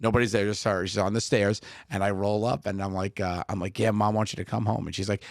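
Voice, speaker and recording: A man's voice: lowish voice, steady tone, quick pace, gravelly, few pauses, no echo. A man, co-hosting a podcast and telling family stories, laughing often and acting out the people he quotes. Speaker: podcast co-host. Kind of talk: casual chat, storytelling.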